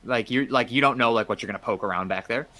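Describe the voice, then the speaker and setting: Young male podcast co-host, bright voice at mid pitch, rambling casual storyteller. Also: fast. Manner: rambling, laughs at own story, lots of filler "like".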